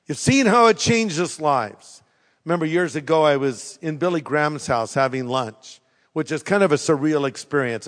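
A man preaching a sermon to a congregation, telling stories with humor and strong emphasis. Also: medium pitch. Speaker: pastor. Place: church sanctuary. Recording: long echo of a large hall.

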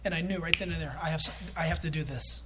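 A middle-aged man preaching a sermon as pastor, animated, acting out quotes with sudden loud bursts. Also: a little high, fast, background noise.

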